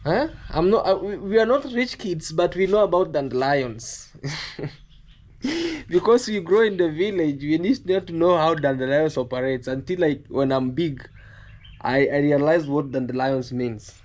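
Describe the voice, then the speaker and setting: A man's voice: on the high side, lively intonation, unhurried, a little mellow. A man with a Kenyan accent talking to camera for his vlog, rambling and wistful as he speaks to his viewers. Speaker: vlogger. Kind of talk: casual talk to camera.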